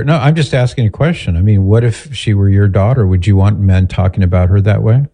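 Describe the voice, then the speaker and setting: A man hosting an advice talk, answering a caller calmly and directly. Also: on the low side, a little fast. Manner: calm, direct, advising. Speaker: host giving advice.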